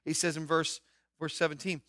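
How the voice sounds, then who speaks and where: Bright-voiced preacher man, dry sound. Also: a little high, normal speed, dry recording. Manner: animated preaching, swings from loud to hushed; asks the congregation questions. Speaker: pastor. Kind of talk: sermon.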